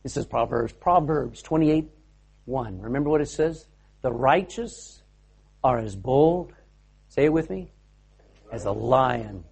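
A man's voice: medium pitch, animated, measured pace, gravelly, long pauses, darkish tone, slightly rough. A man preaching a sermon to a live audience, fervent and exhorting, calling people to action. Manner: fervent, exhorting, directs volunteers on stage.

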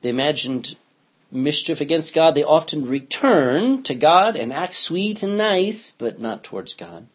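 Husky pastor teaching a bible class. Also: male voice, fairly high pitch, lively intonation, measured pace. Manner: conversational, asks class questions, reads scripture aloud. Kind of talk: interactive Bible study teaching. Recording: dull lo-fi recording.

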